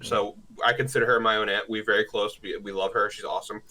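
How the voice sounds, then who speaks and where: A young man in a casual podcast chat, telling a crude story in an animated way and acting out the people in it. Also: fairly low pitch, fast, rough recording. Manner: crude, animated, acts out quotes. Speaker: podcast co-host.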